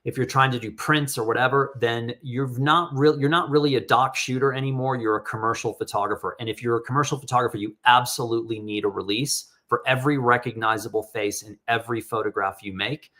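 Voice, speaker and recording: This middle-aged man's medium-pitched voice is bright and forceful, brisk with few pauses and fairly even intonation. Hosting a live photo critique, he reads out audience questions and comments on images in a candid, rambling way.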